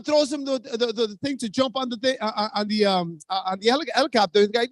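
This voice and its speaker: Man, very high voice, urgent motivational pitch, dry close sound. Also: fairly quick, no echo. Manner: urgent, keeps addressing the audience as guys. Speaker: network marketing distributor.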